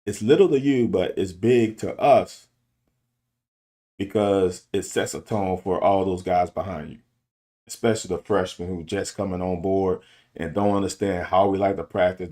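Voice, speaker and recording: A man's voice: low voice, fairly even intonation, moderate pace, dark tone. A middle-aged man and football coach talking candidly in a casual monologue, restarting and repeating himself to make his point. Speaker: football coach and show host. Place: car.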